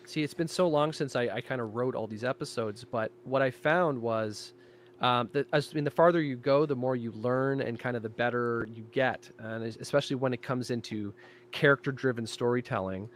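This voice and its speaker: A man in casual podcast chat, describing his own show in an animated way. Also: medium pitch, fairly quick, slight background noise. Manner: animated, jumping into character voices.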